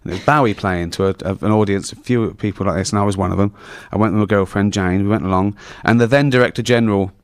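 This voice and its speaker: A man's voice: lowish voice, steady tone, fast talker, few pauses, clean tone, no echo. A man in his forties with an English accent, a comedian telling rambling stories in an interview, laughing at his own punchlines. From England. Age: 40s. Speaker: comedian guest. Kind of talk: casual anecdotal interview talk.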